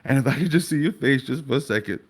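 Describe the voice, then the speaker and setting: A man's voice: medium pitch, expressive, fast talker, voice pushed up. A man voicing a grief-stricken middle-aged father who pleads and stammers. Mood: desperate pleading.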